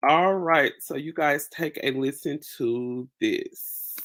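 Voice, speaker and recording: A woman hosting a casual commentary show, recapping a story slowly with many fillers. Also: sits low, a bit bright. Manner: slow, filler-heavy reading and recapping. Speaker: host.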